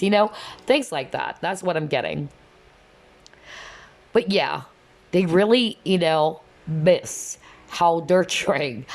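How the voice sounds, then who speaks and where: A woman giving a casual, chatty tarot reading, often checking in with "okay?" and "you know". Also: low voice. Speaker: tarot reader.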